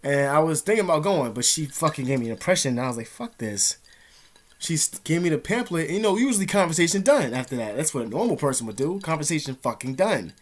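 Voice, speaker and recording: A man's voice: a little high, expressive, fast, hardly any pauses. A young man vlogging from an indoor room, telling a story in a rambling, profane, streetwise way. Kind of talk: casual storytelling to camera.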